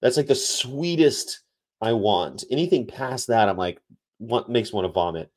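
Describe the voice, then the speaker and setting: A man's voice: medium pitch, lively intonation, normal speed. A man hosting a casual livestream chat, rambling and laughing often as he reads comments and mimics regional accents. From United States. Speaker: livestream host.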